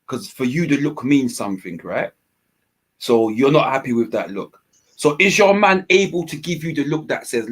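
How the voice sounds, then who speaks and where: Husky playful man. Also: medium pitch, animated, moderate pace. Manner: playful, questioning. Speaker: panelist. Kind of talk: casual group chat.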